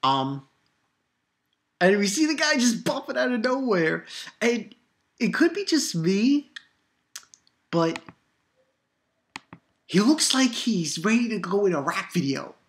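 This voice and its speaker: A woman giving a casual, excitable manga review, laughing often and acting out lines. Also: mid-range voice, takes it slowly, pauses often.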